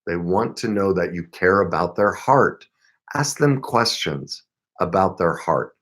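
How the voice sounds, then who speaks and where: A man's voice: sits low, animated, unhurried, fairly bright tone. A middle-aged man giving relationship advice as a coach, talking earnestly and with emphasis, sometimes acting out short example exchanges. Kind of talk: advice talk to camera.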